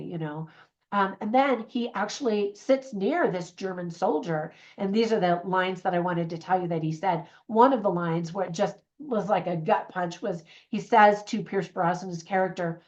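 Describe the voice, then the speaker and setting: Middle-aged woman, earnest film reviewer, chatty with small restarts, mid-pitched, slightly dull recording. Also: normal speed, darkish tone. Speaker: movie reviewer. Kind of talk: casual spoken movie review.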